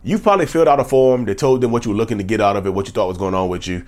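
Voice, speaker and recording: A man's voice: fairly low pitch, racing, a little mellow. Earnest man in his thirties talking to viewers. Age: 30s. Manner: earnest, emphatic, repeats phrases and addresses viewers as y'all. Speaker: channel host. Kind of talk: personal vlog monologue.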